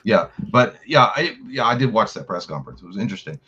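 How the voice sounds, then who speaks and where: A man co-hosting a casual podcast, reading out viewer comments and chatting in a rapid, rambling way, swearing freely. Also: on the low side, expressive, bright, forceful tone, breathy edge, dull audio. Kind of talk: casual profane chat.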